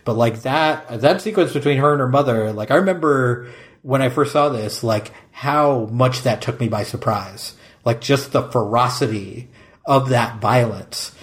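A man's voice: mid-range voice, a little slow. Emphatic man gushing about a film. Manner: emphatic, effusive, many "like"s. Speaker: podcast co-host. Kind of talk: casual film discussion.

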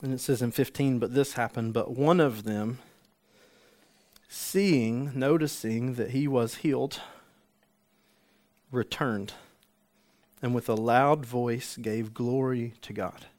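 A man preaching a sermon, an animated storyteller who acts out the scenes he describes. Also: medium pitch, takes it slowly, long pauses. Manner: animated storytelling, acts out the healed man's joy. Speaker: pastor.

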